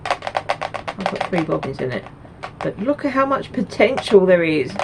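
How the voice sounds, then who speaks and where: A woman's voice: fairly low pitch, big pitch swings, a little slow, vocal fry, background noise. A woman from Essex, hosting a knitting video podcast in a rambling, chatty way with many ums and asides. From Essex, England. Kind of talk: casual chat to camera.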